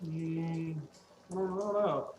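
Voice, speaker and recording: High-voiced teasing man in roomy audio. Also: steady tone, very slow, darkish tone, a little hiss or hum. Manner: teasing, dry quips. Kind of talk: casual chat.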